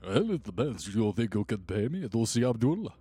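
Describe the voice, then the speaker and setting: A man's voice: fairly low pitch, big pitch swings, normal speed, mellow, slight background noise. A man voicing a greedy doorman at a club, putting on a foreign that keeps slipping. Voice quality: put-on foreign accent that slips. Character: male doorman of an Egyptian-themed club, gruff and greedy.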